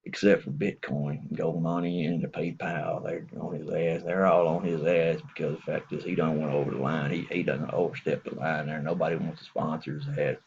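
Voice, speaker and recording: Deep gravelly guy telling a crude rambling story, husky, lo-fi sound. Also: little pitch movement, normal speed, few pauses, a little mellow, slight background noise. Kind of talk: profane comic storytelling monologue.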